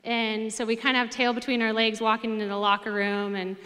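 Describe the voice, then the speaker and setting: A middle-aged woman, a former player and coach, telling lively stories with many fillers in an interview. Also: a little high, brisk. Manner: animated storyteller, many fillers. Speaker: hall of fame inductee, former player. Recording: reverberant hall.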